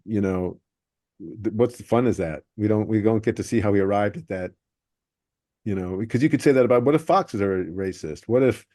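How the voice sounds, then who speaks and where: A man's voice: on the low side, warm tone, dry recording, studio quality. A man hosting a podcast, breaking down how jokes are built. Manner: analytical, explaining joke structure. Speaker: podcast host. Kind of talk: podcast discussion.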